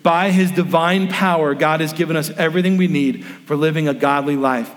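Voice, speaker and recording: A male pastor delivers a sermon with a slightly higher voice than most men. He tells stories and acts out the people in them. The sound rings with the long reverb of a large hall. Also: steady tone, a little fast. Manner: storytelling, acts out quoted voices.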